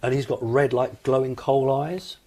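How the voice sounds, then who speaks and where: A man from the United Kingdom, calmly recounting his experiences as an interview guest in a matter-of-fact, explanatory way. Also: medium pitch, moderate pace.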